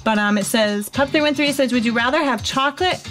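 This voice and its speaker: A woman's voice: high-pitched, brisk, music in the background. A woman hosting a live stream, chatting casually and reading out viewer comments in a bubbly, rambling way. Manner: chatty and bubbly, thinks aloud with many fillers.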